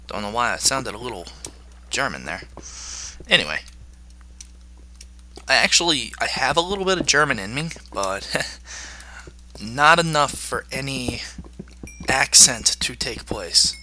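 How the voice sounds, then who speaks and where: A man's voice: mid-range voice, sing-song, measured pace, pauses often, sharp tone. A man giving chatty video game commentary, joking and talking to the monsters in the game. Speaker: gamer.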